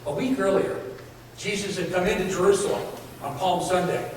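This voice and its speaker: A man's voice: high voice, normal speed, a little mellow, far from the mic, slight background noise. Man preaching in an echoey hall. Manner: earnest, builds emphasis through repeated phrases. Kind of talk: sermon. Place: church sanctuary.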